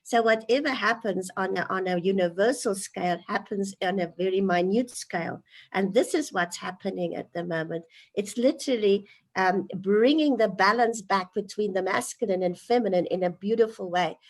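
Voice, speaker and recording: A woman's voice: mid-range voice, moderate pace. Earnest woman speaking of spiritual matters. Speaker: spiritual guest. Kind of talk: spiritual interview talk.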